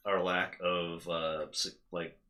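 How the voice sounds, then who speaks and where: A man's voice: deep voice, flat delivery, slow pace, pushed and bright. A man, a guest on a podcast, telling a story in casual chat. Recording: roomy with crowd noise.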